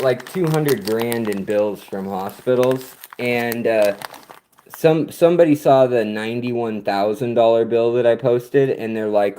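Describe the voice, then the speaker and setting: A man with a medium-pitched, slightly mellow voice runs an aquarium channel and is doing a casual livestream outdoors by his fish tanks at sunset. He rambles and chats as he strolls among the tanks, telling stories at an unhurried pace.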